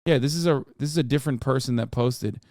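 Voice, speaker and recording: A man's voice: mid-range voice, quick pace, a little mellow, dry recording, clean studio sound. A man in his thirties streaming casual, profane reaction commentary, ranting and mocking in an exasperated way.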